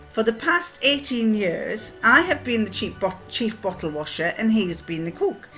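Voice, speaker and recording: An older woman talks casually straight to camera, at an ordinary middle pitch for a woman. She rambles, pauses on fillers and restarts her sentences as she goes. Faint music plays softly behind her. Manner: rambling and chatty, many ums and restarts. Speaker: vlogger answering a tag challenge.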